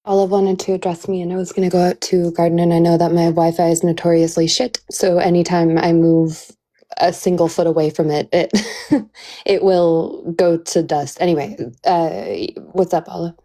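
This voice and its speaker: A woman with a stutter, speaking haltingly in a live audio room. Her voice is low and mellow. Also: flat delivery.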